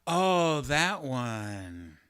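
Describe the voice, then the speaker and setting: A man's voice: medium pitch, big pitch swings, extremely slow, smooth, no room sound, clean studio sound. A man, a guitarist hosting a live stream, chatting casually with viewers, rambling, thinking aloud and making self-deprecating jokes. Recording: loud guitar playing behind the voice.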